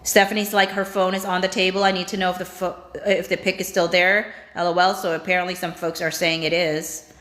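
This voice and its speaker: Reading viewer comments during a casual livestream, this host tosses in chatty reactions. Her lowish, fairly bright voice moves fairly quickly with little pitch variation, against slight background noise and roomy echo.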